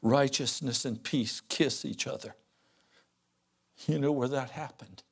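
A man preaching a revival sermon as pastor, swinging between loud fervent warnings and hushed pleading. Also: mid-range voice, steady tone, a little slow, gravelly, breathy edge.

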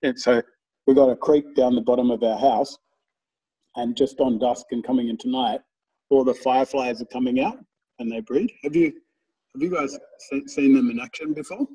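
A man tells loose, rambling stories, swearing freely and laughing along as he goes. His voice is husky and sits a little back from the microphone, with a mid-range pitch. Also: normal speed, warm tone, recorded from a distance, rough recording. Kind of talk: casual storytelling chat.

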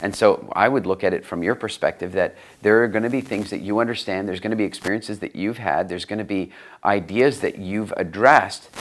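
Reflective middle-aged man, lowish voice. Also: fairly quick. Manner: reflective, repeats words while searching for the next thought. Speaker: guest, studio owner. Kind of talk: conversational interview storytelling.

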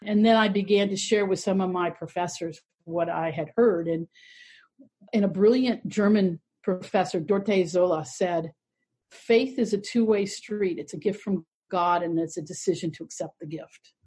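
Husky-voiced woman, 60s, clergy guest, thoughtful storyteller. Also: on the low side, normal speed, darkish tone. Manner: reflective, earnest, lightly humorous. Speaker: Episcopal priest, interview guest. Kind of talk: personal storytelling in conversation.

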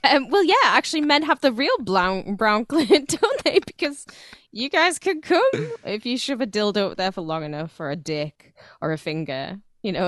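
A woman co-hosting a crude comedy podcast, blunt and quick to laugh. Her pitch swings widely as she talks, and the sound is close and dry. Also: fairly bright tone, dry recording. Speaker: podcast co-host.

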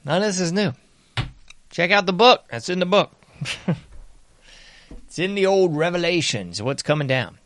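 A man hosting a commentary show, talking in a sarcastic monologue that mocks bystanders and swings from loud to hushed. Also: high-pitched, animated, moderate pace, long pauses, a little hiss or hum. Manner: sarcastic, mocking mimicry of bystanders; varies loudness a lot, sometimes dropping to whispers. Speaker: political commentary host.

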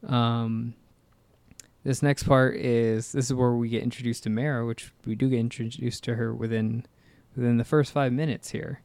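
A man in the middle of an easygoing movie commentary chat, his voice sitting at an ordinary pitch. He wanders through his thoughts with frequent fillers, pauses and restarts. The sound is close and dry, with no room echo. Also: level tone, a little mellow. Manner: rambling, hesitant, lots of fillers and restarts. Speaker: podcast co-host.

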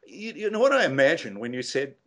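Man doing a young male trainee, incredulous, animated, high pitched. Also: brisk. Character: young male Kentucky trainee engineer, baffled and excited.

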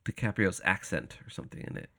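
Chill guy cohost, deep voice, mostly short yeahs and easy comments. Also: fast talker, a bit bright. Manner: laid-back, short agreeing replies. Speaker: podcast co-host. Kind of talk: casual chat.

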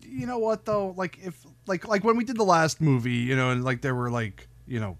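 A man's voice: a little high, fairly even intonation, fairly quick. A man co-hosting a casual podcast, rambling and swearing as he reacts to film scenes. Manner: rambling, profane, frequent fillers. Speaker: podcast co-host. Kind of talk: casual film review chat.

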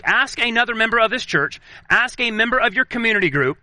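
A man preaching a sermon as pastor, earnest, slowing down and dropping his voice low for emphasis. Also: animated, bright, forceful tone, dry recording.

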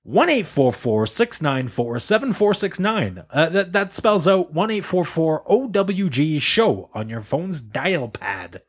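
Husky, lively-voiced man hosting a podcast. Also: a little high, unhurried, hardly any pauses. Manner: giggly and playful, laughs often. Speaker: podcast host. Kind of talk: casual comedy podcast chat.

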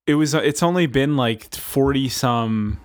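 A man's voice: mid-range voice, a little slow. A man co-hosting a casual comedic chat, rambling into goofy digressions with lots of fillers. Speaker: podcast co-host.

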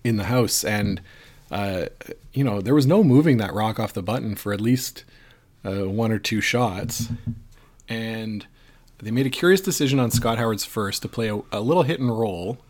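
A man with a low voice talks through a curling game as co-host. He rambles and restarts as he thinks aloud, and he keeps it casual and chatty. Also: normal speed, a little mellow. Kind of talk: casual sports analysis.

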